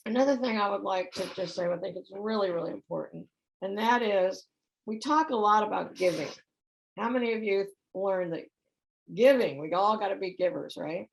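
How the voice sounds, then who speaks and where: Gravelly-voiced woman giving a talk. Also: medium pitch, poor audio. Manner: conversational, asks the audience questions. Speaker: speaker giving a talk on relationships. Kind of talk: spiritual center talk.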